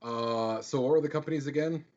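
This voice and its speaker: A man's voice: mid-range voice, fairly quick, highs cut off. A man on a casual gaming podcast, guessing trivia answers aloud and swearing now and then. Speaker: podcast co-host, quiz contestant.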